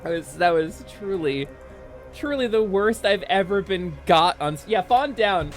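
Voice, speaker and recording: Animated woman streamer, lively pitch. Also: a little slow, soft background music. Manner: animated, swings into loud mock outrage and laughter. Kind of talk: casual live-stream chat while gaming.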